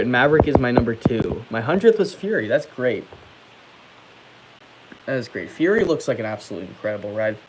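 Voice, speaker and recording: A man's voice: mid-range voice, a little hiss or hum, poor audio. A young man hosting a casual livestream, reading out viewer comments and answering them in a chatty way. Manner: chatty, reads comments aloud and answers them, many fillers. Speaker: livestream host.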